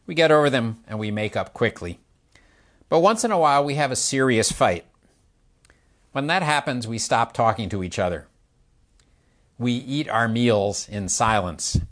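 With a medium-pitched, animated and fairly bright voice, an older man delivers a sermon, slowly explaining while questioning his listeners and gesturing with his hands to illustrate.

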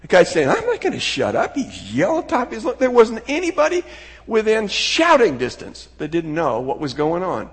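A middle-aged man preaching a sermon in a folksy, animated way, acting out quotes with sudden shouts. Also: high-pitched, normal speed, husky. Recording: long hall reverb.

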